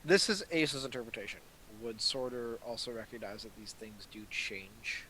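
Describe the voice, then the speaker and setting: A man's voice: mid-range voice, moderate pace, bright, forceful tone, a little hiss or hum, poor audio. A man playing in a tabletop game, thoughtfully explaining his character's abilities in casual chat. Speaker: player.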